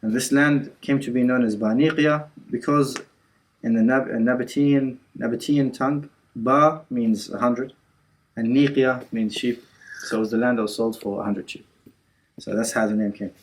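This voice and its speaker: A man's voice: mid-range voice, fairly quick, slight background noise, poor audio. Casual man teaching a religious class. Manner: retells scenes with quotes and frequent fillers; code-switches with Arabic words. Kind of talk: casual storytelling lesson. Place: indoor community centre class.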